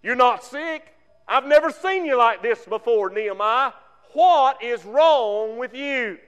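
A man's voice: very high-pitched, expressive, takes it slowly, a bit bright, smooth, full character voice. A preacher voicing an ancient king who anxiously questions his trusted servant. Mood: concerned. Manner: pleading, questioning. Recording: long reverb.

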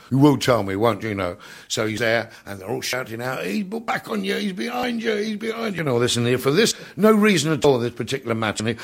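Chatty older showbiz raconteur. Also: male voice, mid-range voice. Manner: chatty, peppered with "you know", laughs at his own tales. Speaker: entertainer telling stage anecdotes. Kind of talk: anecdotal comic storytelling.

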